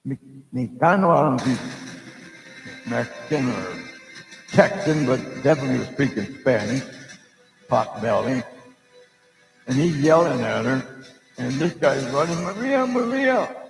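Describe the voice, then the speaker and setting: A man's voice: mid-range voice, gravelly. A middle-aged man, a psychic hosting a live stream, telling a meandering story full of fillers and lost threads. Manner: meandering, loses his thread, many fillers. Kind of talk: rambling spoken storytelling. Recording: echoey room with long reverb.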